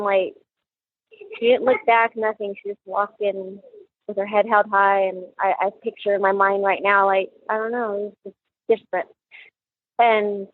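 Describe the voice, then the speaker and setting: A woman's voice: medium pitch, dry recording. Middle-aged woman on a tinny phone line. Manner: halting, with many restarts and quoted dialogue. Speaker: mother of the victim, recounting events. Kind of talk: personal recollection interview.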